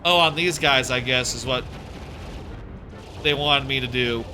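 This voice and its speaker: A man's voice: mid-range voice, measured pace, pushed and bright, a little hiss or hum. A man giving casual gameplay commentary as a streamer, rambling and sardonic, with frequent stammered restarts.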